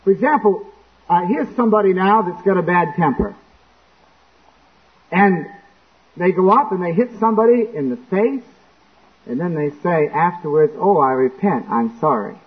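Male preacher, sermon, high voice, church, acted-out quotes, tinny lo-fi recording. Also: expressive, normal speed, long pauses.

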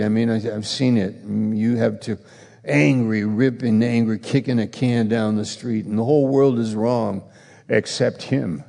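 A man preaches in a slow, measured rhythm, circling back on the same phrases and pressing his listeners with pointed questions. His voice has a gravelly edge, and a long reverb trails each line. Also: lowish voice, fairly even intonation, dark tone. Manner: repetitive, emphatic preaching that swells into rhetorical challenges. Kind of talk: sermon.

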